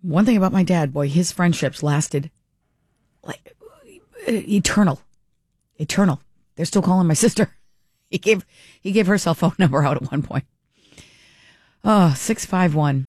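Reading listener texts on her talk radio show, a woman responds with blunt, strong opinions, talking back to the texters. She speaks at normal speed with frequent pauses, and her fairly low voice is husky with a darkish tone. The studio-quality audio has no echo.

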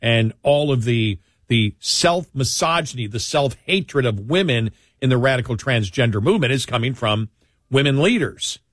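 A man's voice: medium pitch, moderate pace, no room sound, studio quality. Older man on late-night talk radio. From New York. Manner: animated, mocking in acted quotes. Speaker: radio talk show co-host.

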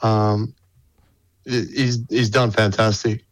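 Relaxed, candid male band guest. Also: fairly low pitch, takes it slowly, dry recording, low-quality recording. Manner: relaxed, candid, sweary, some stammering. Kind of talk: casual interview chat.

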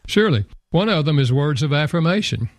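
A man's voice: a little high, animated, a little fast. A man guest on a radio interview, earnestly explaining his ideas point by point. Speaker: author and guest.

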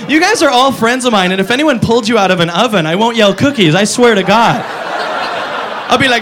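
Man, stand-up comic, high voice, lively swooping delivery, profane incredulous rants, noisy club recording. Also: fairly quick. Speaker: stand-up comedian. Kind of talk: stand-up comedy routine.

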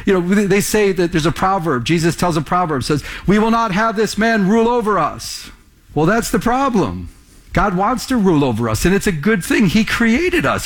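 A middle-aged male pastor preaching a conversational sermon, asking the congregation questions and restarting his sentences often. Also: sits high.

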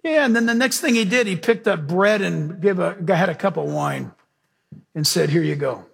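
High-voiced husky pastor preaching in a hall. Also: male voice, normal speed. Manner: animated storytelling, swings from loud to hushed. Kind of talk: sermon.

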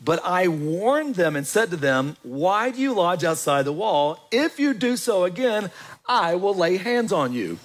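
A man preaching a sermon with a lively, swooping delivery that ranges widely in pitch. His voice sits a little higher than most men's. He acts out quotes and asides as he goes. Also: measured pace. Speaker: pastor.

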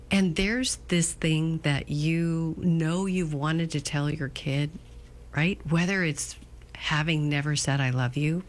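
A woman's voice: deep voice, slight background noise. A woman co-hosting a radio talk show who speaks in an encouraging, emphatic way. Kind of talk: casual talk show chat.

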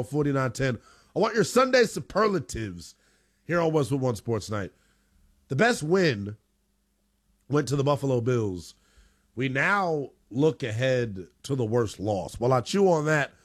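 A man hosting a sports talk radio show, animated and emphatic, with casual slang. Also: medium pitch, dry recording, clean studio sound.

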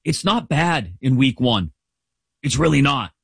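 A middle-aged man hosting a sports talk show, giving casual, opinionated commentary in an animated, jokey way. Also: mid-range voice, a little slow, vocal fry, slightly rough, no room sound. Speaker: sports podcast host.

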